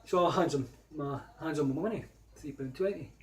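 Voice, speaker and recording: Middle-aged Scottish male vlogger, slightly raised pitch, casual hesitant storyteller who gets emphatic in quoted exchanges. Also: brisk, a little hiss or hum. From Scotland. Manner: rambling and hesitant, turning emphatic when replaying arguments.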